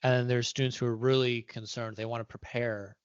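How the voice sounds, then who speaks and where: A man's voice: medium pitch, flat delivery, a little fast, smooth, no echo, highs cut off. A man giving an interview, talking casually with restarts and "right?" tags. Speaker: guest.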